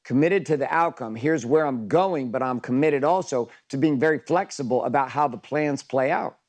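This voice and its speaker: A man's voice: medium pitch, normal speed, darkish tone. A man coaching a group in an intense, emphatic motivational talk, swearing freely.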